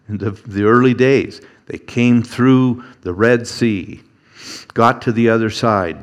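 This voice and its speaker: With a voice on the low side, a male pastor preaches at a slow, faltering pace, frequently beginning sentences again. He performs quoted characters, his voice climbing as he does.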